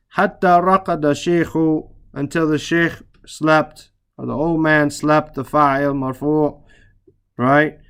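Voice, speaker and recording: Man, teacher, reading lesson, patient, slow explanations, repeats words, slightly high voice. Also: clear, resonant tone. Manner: reads Arabic lines briskly, then explains slowly. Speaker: Arabic teacher.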